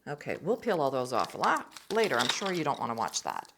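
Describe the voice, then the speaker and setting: A woman's voice: very deep voice, huge pitch swings, a little fast, noisy background. A middle-aged woman hosting a casual art vlog, chatting with enthusiasm and murmuring to herself as she tests pencils and paint. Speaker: art channel host.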